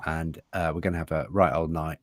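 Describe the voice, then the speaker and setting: A man's voice: a bass voice, fairly even intonation, brisk, no echo, clean studio sound. A man co-hosting a casual live show, talking in a rambling, joking, self-mocking way. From England. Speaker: co-host.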